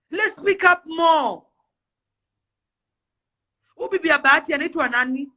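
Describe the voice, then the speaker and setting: A woman's voice: sits high, expressive, a little fast, pauses often, pushed and bright. A young Kenyan woman delivering an impassioned rant to camera, pleading and fiery, firing off rhetorical questions. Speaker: celebrity influencer.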